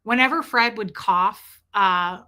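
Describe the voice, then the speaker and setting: Bright-voiced woman chatting to a live chat. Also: medium pitch, takes it slowly. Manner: chatty, reads viewer comments aloud between stories. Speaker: livestream host. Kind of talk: casual storytelling to a live chat.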